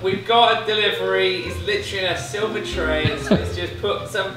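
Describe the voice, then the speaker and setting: A man's voice: high voice, a little fast. A man in a kitchen teasing his friends in casual vlog banter. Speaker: vlogger, co-host. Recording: echoey kitchen with music bed.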